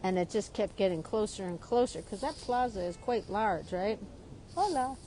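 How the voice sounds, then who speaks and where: A woman from Chicago, a drawing teacher, telling a story in a lively, chatty way while she draws. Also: medium pitch, normal speed, slight background noise. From Chicago, USA. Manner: lively, keeps asking "right?".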